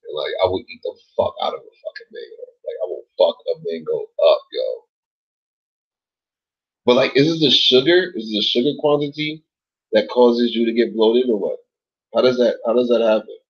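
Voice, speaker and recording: Hosting a late-night casual livestream, a man reads chat and rambles laid-back with viewers, swearing often and peppering his talk with "like" and "yo." His medium-pitched voice is expressive, slightly rough and moderately paced, and the sound is lo-fi.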